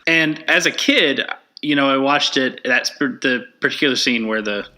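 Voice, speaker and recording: A man's voice: mid-range voice, normal speed, pushed and bright. A man co-hosting a podcast, reflecting casually on a film he watched as a kid. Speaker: podcast co-host. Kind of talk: casual movie discussion.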